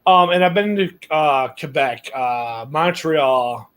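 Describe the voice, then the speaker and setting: Rambling guy, slightly high voice. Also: slow, fairly bright tone, smooth. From United States. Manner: rambling, profane, full of fillers. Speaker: podcast co-host. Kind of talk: casual storytelling chat.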